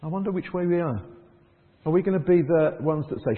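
A man preaching a conversational sermon in church, lively and chuckling, dropping to soft prayerful tones. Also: a little high, fairly quick, big-room sound, narrow, tinny audio.

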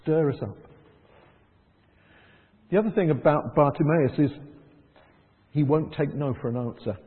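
A man preaching a conversational sermon in church, lively and chuckling, dropping to soft prayerful tones. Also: fairly high pitch, normal speed, big-room sound, phone-quality sound.

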